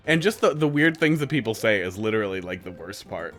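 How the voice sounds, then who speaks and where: A man's voice: lowish voice, very animated, fast, few pauses, fairly bright tone, faint music behind. A man streaming live, playing viewer-made game levels and giving rambling, candid critique in a casual way.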